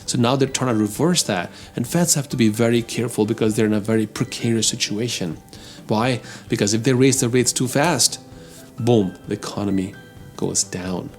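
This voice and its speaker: A man's voice: mid-range voice, normal speed, soft background music. A man hosting an opinionated commentary show on the economy. He talks emphatically, calls his listeners "folks" and grows heated as he argues. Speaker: host.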